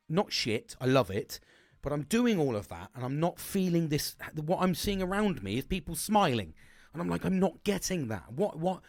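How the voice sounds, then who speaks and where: A man's voice: sits high, no room sound, clean studio sound. A young man, talking in a rambling, sweary, casual monologue full of restarts. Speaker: podcast host.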